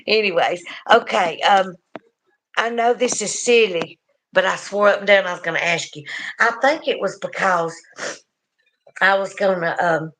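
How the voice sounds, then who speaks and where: Southern woman, middle-aged, bright voice, chatty livestream host, laughs a lot. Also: lowish voice, slight background noise. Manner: chatty, reads viewer comments aloud, laughs often. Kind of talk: casual livestream chat.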